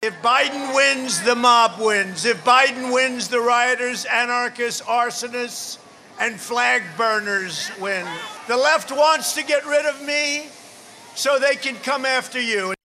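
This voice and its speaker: A man's voice: very high voice, slow pace, pushed and bright, a little hiss or hum. A man giving a blunt, boastful rally speech, heard in a played clip. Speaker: politician at a rally.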